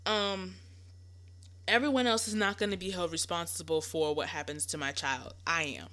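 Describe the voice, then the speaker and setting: A woman's voice: on the low side, steady tone, moderate pace, bright, forceful tone. A young woman, hosting a podcast and giving casual, reassuring parenting advice with lots of fillers. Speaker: podcast host.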